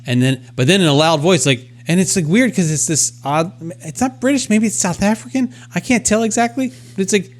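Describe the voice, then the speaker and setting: A man's voice: high-pitched, brisk, few pauses. A man co-hosting a podcast, telling a story with lots of fillers and mimicked machine sounds. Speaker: podcast co-host. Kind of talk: casual chat.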